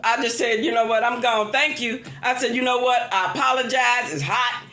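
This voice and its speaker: A woman's voice: on the high side, normal speed, echoey room. A woman telling a story to her viewers, exasperated and laughing as she vents. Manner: animated, exasperated, laughing while venting. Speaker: vlogger. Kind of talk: casual storytelling rant.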